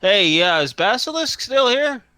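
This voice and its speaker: A man voicing a gruff male bouncer at a club door, speaking curtly. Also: fairly high pitch, sing-song, normal speed, pushed and bright, dry recording, clean studio sound. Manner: curt and gruff.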